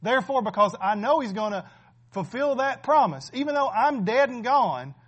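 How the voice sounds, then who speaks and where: An aged patriarch on his deathbed speaks with stubborn conviction, pressing his last command on his son, voiced by a man. He talks in a fairly high voice and never wavers. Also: animated, normal speed, fairly bright tone, full character voice. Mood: fervent. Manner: insistent, commanding. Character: dying old male patriarch, stubborn and faithful.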